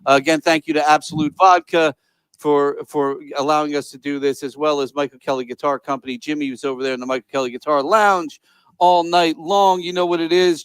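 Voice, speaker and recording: A man's voice: a little high, fairly even intonation, a little fast, clear, resonant tone, no echo, low-quality recording. A man hosting a casual talk show, loose and profane, laughing often while plugging upcoming shows. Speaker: host. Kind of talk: casual chat and show promos.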